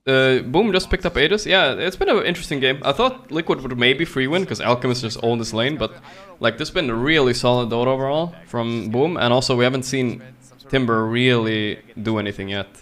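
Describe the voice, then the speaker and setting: A man's voice: mid-range voice, fairly quick, fairly bright tone. Laid-back joking male streamer. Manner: loose, joking, swears freely. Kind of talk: casual chat while commentating a game.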